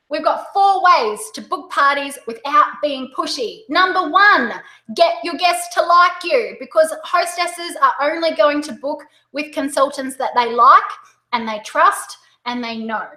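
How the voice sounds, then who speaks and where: Upbeat Australian woman coaching a webinar, bright tone, roomy echo. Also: high voice. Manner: excitable, upbeat, talks fast. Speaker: direct sales coach. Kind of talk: webinar presentation.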